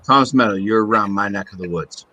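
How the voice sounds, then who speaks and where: A man's voice: on the low side, fast, pushed and bright. A man from the northeastern United States, a panelist in a casual group chat, earnestly repeating his point.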